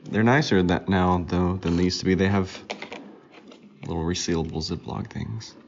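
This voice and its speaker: A man's voice: low voice, steady tone, moderate pace, lo-fi sound, a little hiss or hum. A man in his thirties, a podcast host chatting casually and teasingly with his young daughter at home. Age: 30s. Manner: playful, teasing, joking.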